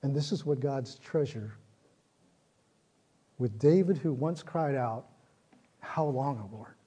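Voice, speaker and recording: A man's voice: medium pitch, takes it slowly, warm tone, breathy edge. A man preaching a sermon, earnest, with repeated phrases that build in intensity. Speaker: pastor.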